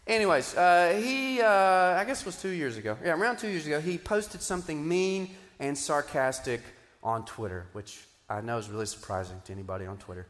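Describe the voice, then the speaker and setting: Animated man preaching in a reverberant hall. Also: a little high, a little fast, hardly any pauses. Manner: animated, swinging between loud emphatic bursts and quiet asides. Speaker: pastor. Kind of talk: sermon. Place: church auditorium.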